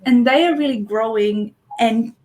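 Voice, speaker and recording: A woman's voice: a little high, unhurried, a little mellow. A woman from New Zealand hosting an online conversation, talking in a flowing way and laughing easily. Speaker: host.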